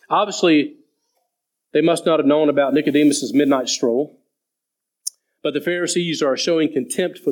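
Fairly high-voiced male preacher. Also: rough recording. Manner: slows down and reads scripture deliberately. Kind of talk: sermon.

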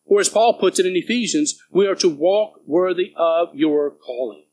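A man's voice: sits high, moderate pace, darkish tone, slight background noise, low-quality recording. A man preaching a sermon to his church as pastor, earnest and urging, reading scripture aloud between stories.

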